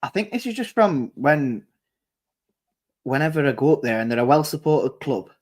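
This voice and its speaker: A man's voice: medium pitch, sing-song, moderate pace, a little mellow. A man co-hosting a football watchalong, telling rambling stories in casual chat. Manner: rambling, anecdotal. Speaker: watchalong co-host.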